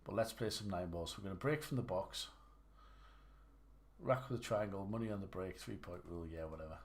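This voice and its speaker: A man's voice: low voice, a little fast. Chatty self-mocking man streaming. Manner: chatty, self-deprecating, rambling with restarts. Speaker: gaming livestreamer. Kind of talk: casual live commentary while playing.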